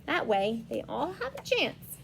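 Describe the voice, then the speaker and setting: A woman reading a picture book aloud to young children, explaining the story slowly in a sing-song manner. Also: sits high, sing-song, creaky, slight background noise.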